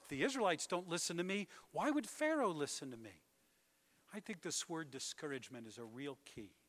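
An older man preaching a sermon as pastor, swinging between hushed, intimate lines and booming declarations. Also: big-room sound.

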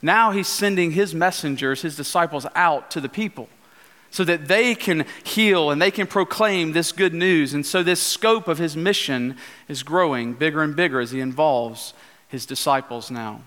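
A male pastor giving an earnest sermon in a church, at times slowing into a hushed prayer. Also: a little high. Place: church sanctuary. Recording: church hall reverb.

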